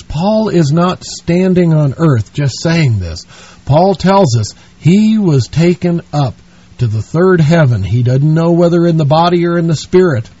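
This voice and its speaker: Husky earnest preacher man. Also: a little high, darkish tone, no echo. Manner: earnest, pleading, addresses listener as friend. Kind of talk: sermon. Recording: dull dry lo-fi recording.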